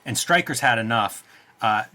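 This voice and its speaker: A man with a mid-range voice and a bright, crisp edge. He co-hosts a relaxed comics chat, trading jokes and breaking into laughs often. He remarks on the pages as he flips through them. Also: medium pitch, moderate pace. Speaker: cartoonist co-host. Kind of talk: casual chat about comics.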